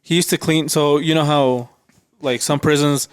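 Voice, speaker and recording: A man's voice: on the high side, steady tone, normal speed, clean tone, no echo. A man teasing his friends in casual podcast chat. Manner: teasing, laughing. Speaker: podcast co-host.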